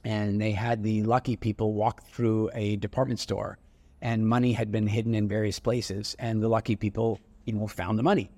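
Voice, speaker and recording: A middle-aged man, an entrepreneur guest, telling stories in a casual, animated way with frequent restarts and acted-out dialogue. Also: fairly low pitch, moderate pace. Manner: animated storyteller with many restarts, acting out dialogue. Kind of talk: casual storytelling interview.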